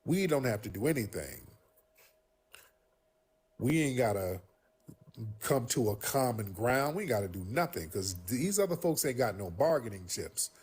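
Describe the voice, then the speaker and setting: Guy running a call-in stream, husky voice, blunt and swears a lot. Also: mid-range voice, moderate pace, pauses often. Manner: blunt, profane, animated. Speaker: livestream host. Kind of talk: casual call-in livestream commentary.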